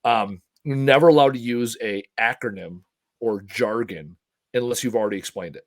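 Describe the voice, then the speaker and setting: A man's voice: mid-range voice, normal speed. A man hosting a podcast, telling loose stories with casual swearing and blunt, joking asides. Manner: rambling storyteller, swears casually. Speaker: podcast host.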